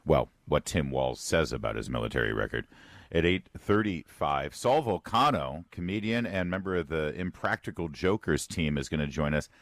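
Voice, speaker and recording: A man with a very low voice hosts a talk radio show, brisk and sarcastic. He talks straight into a close studio mic with no room sound at all. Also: lively intonation, a bit bright, no echo.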